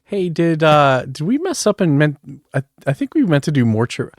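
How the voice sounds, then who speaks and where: A man's voice: on the high side, very animated, a little fast, no echo, clean studio sound. Laid-back male podcast host. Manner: laid-back, rambling, lots of fillers. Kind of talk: casual podcast chat.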